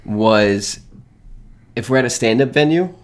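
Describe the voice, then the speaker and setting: A man's voice: medium pitch, lively intonation, unhurried. Laid-back man co-hosting a chat. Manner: laid-back, laughs often, dry asides. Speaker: co-host. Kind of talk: casual chat.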